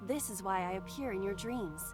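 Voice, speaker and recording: A woman voicing a calm female AI partner in a video game, explaining things in a composed, matter-of-fact way. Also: mid-range voice, brisk, natural voice. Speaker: game character. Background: game music.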